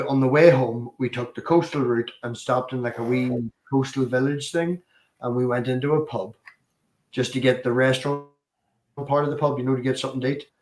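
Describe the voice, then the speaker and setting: A man hosting a relaxed chat, telling lively stories full of swearing. His mid-range voice carries a roomy echo. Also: medium pitch. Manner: sweary, animated storytelling. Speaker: podcast host. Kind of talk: casual chat.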